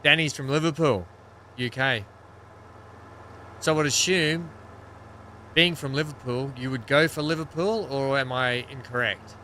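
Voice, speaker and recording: A man talks casually through a live gaming stream. He chats with viewers and calls on them by name between tasks. His voice is bright and forceful, with a faint hiss of noise behind it. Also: mid-range voice, a little slow, long pauses. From Australia. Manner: chatty, greets and questions chat viewers by name.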